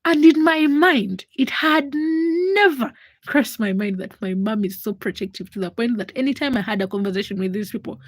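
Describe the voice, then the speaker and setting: Young woman with a husky voice and a slightly high pitch, live-stream host spinning an animated personal story. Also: normal speed, no room sound. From Uganda. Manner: animated storyteller who acts out the voices of people in her story. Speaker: livestream host. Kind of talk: casual storytelling.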